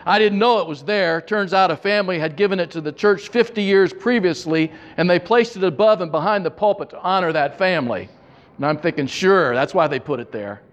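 A male pastor delivers a sermon in a church, moving from wry, joking storytelling to slow, earnest reflection. His voice sits high for a man. A long hall reverb trails every phrase. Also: highs cut off. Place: church sanctuary.

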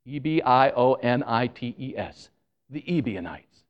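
A man preaching a sermon, animated and joking with the congregation, who admits he talks fast when excited. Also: mid-range voice, smooth, muffled recording. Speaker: pastor.

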